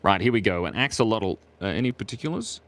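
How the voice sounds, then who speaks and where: A man's voice: lowish voice, animated, quick pace, fairly bright tone. An Australian man chatting playfully with viewers while drawing on a live stream.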